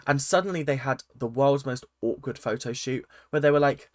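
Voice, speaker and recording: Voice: mid-range voice, moderate pace, no room sound. A reality TV reaction vlogger, casual and sarcastic, often repeating phrases in exasperation.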